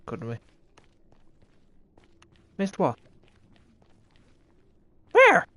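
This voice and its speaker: A man's voice: high-pitched, huge pitch swings, very slow, bright, forceful tone. A man streaming a game, chatting casually with friends and bursting into laughs and swearing. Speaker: livestream gamer. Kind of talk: casual gaming stream chat.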